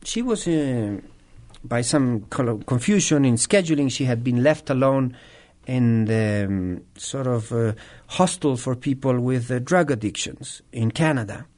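A man who trains people in nonviolent communication answers interview questions and tells a story, speaking thoughtfully with frequent pauses and restarts. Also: medium pitch, darkish tone.

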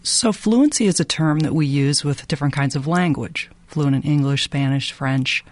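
A man hosting an interview and asking measured, guiding questions. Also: a little high. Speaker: interview host.

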